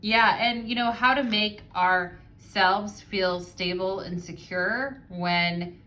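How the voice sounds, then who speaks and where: A woman's voice: medium pitch, fairly even intonation, slow, bright, forceful tone. A young adult woman giving a casual pick-a-card tarot reading, chatty and effusive, talking straight to her viewers and reading passages aloud from a guidebook. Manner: chatty and effusive, addresses viewers as "you guys". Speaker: tarot reader.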